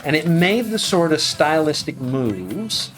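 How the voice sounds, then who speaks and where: A man's voice: a little high, sing-song, measured pace, faint music behind. A middle-aged man, a law professor guest, talking frankly and wryly in a casual interview. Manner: frank, wry, self-correcting.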